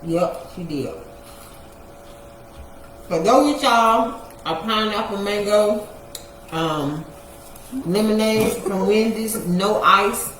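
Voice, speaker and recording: A woman co-hosting a casual live chat, talking in dry, mumbled deadpan asides. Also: mid-range voice, slow, pauses often. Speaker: co-host of a live chat show. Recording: distant echoey mic with noise.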